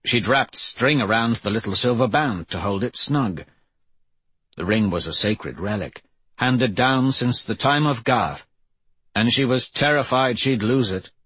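Husky low-voiced guy reading an audiobook, dry close sound, steady pace. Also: unhurried, no room sound. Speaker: audiobook narrator. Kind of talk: scripted narration.

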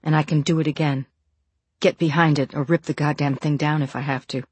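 A woman's voice: deep voice, fairly even intonation, fairly quick, darkish tone, husky, dry recording. A narrator voicing a wounded woman who forces clipped, short replies while hiding her pain. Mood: muttered mantra. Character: wounded woman hiding her injury, straining to sound fine.

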